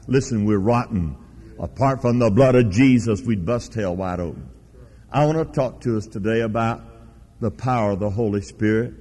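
A man's voice: medium pitch, darkish tone. A man preaching a revival sermon, telling a story and then driving home his points with fervent emphasis. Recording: reverberant hall.

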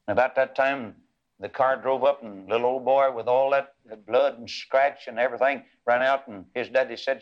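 Preacher on a lo-fi tape. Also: male voice, medium pitch, fairly even intonation. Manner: swings from hushed storytelling to loud, drawn-out, singsong preaching. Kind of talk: sermon storytelling.

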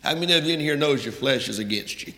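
A man preaches, his voice gravelly and slightly high. His delivery is fervent and builds to loud, emphatic peaks. The recording carries a long reverb that makes the hall sound big and distant. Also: expressive, fast. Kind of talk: sermon. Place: church sanctuary. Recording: echoey hall from far off.

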